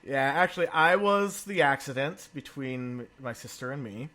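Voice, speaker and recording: A man in his thirties co-hosting a podcast, telling family stories in a relaxed chat and laughing often. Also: medium pitch, moderate pace. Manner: animated storyteller, laughs often. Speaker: podcast co-host. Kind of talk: casual conversational storytelling.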